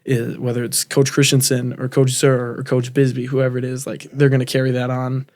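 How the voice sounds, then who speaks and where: Young man, flat easy delivery. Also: medium pitch, a little fast. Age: young adult. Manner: relaxed, many fillers and restarts. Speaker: guest, college football player. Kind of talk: casual interview talk.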